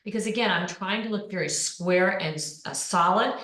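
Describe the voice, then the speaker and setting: A woman's voice: medium pitch, normal speed, fairly bright tone. A woman coaching people on presenting online, speaking with energy and punching out keywords. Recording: echoey room.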